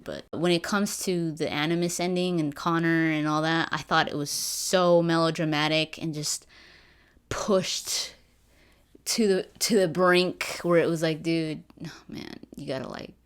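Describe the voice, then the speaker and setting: Rambling, low-voiced woman gamer. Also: moderate pace, smooth. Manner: rambling, lots of fillers and restarts, laughs. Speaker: gaming vlogger. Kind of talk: casual game review chat.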